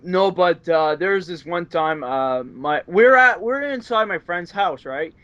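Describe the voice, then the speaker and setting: A man's voice: high voice, lively intonation, measured pace, sharp tone, clean tone, no echo. A man, a guest casually telling rambling stories full of fillers. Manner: rambling, filler-heavy, laughs often. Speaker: interview guest. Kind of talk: casual storytelling chat. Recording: dull dry audio.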